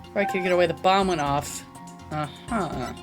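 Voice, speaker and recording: A woman voicing a shy, sweet young woman witness who speaks softly and gently. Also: lowish voice, moderate pace, music in the background, lightly acted. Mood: timid.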